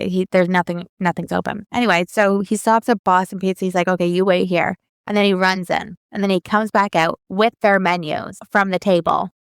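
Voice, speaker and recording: A woman in her 30s co-hosts a podcast, telling a long personal story in a chatty way packed with fillers and quoting people in it. Her voice is fairly low and smooth, with a dry, clean studio sound.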